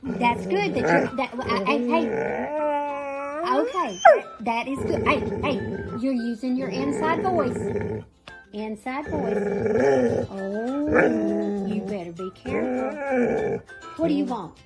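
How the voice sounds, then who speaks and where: A woman's voice: sits high, animated, slow, long pauses, loud music behind the voice. A woman talking to her dog in a home video, coaxing and scolding playfully.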